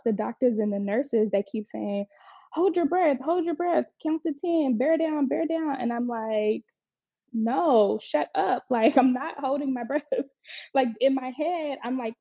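A woman's voice: fairly high pitch, no echo. A young adult woman casually telling a personal story, chatty and frank, often acting out what people said. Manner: chatty, frank, quotes people in lively voices. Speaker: mother telling her birth story. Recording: slightly dull, dry lo-fi recording.

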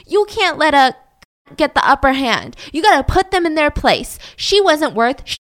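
A woman's voice: sits high, big pitch swings, normal speed, no room sound, studio quality, pitched above the performer's own voice. A woman playing a brash, blustering con man father. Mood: boastful. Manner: loud, blustering, boastful. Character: brash crude middle-aged male con man father.

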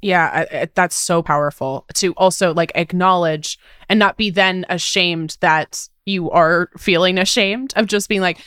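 A woman therapist with a smooth, resonant voice, talking as a podcast guest. She speaks candidly about her own reactions and likes to quote her inner voice back out loud. The sound is close and dry. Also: on the low side, a little slow, few pauses, no echo. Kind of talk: conversational interview guest.

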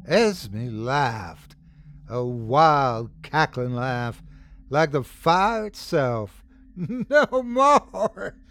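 A man's voice: medium pitch, a bit bright. A man narrating a scary story as host, dramatic, swelling and dropping for suspense. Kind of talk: scripted horror story narration.

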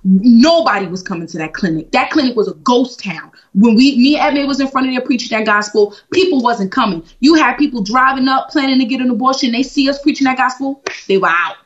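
A woman guest in an interview, telling a story in a lively, emphatic, preacher-like way. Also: a little high, a little fast, few pauses, highs cut off. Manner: emphatic, lively preacher-like delivery with big swings. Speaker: guest, activist.

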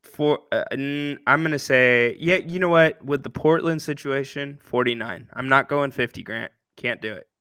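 A man co-hosting a sports talk show, easygoing and agreeable, quick to laugh. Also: mid-range voice, pushed and bright, smooth, dry recording, clean studio sound. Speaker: radio co-host.

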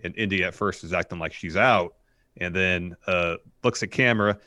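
A man co-hosting a casual livestream, recounting a wrestling match move by move in a steady run-on way. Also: sits low, moderate pace, dry recording. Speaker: co-host.

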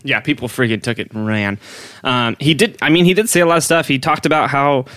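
A man's voice: mid-range voice, a little fast, a bit bright, no room sound. A man co-hosting a casual educational podcast, hyper and giggly, rambling through his explanation with plenty of ums. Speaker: podcast co-host explaining history.

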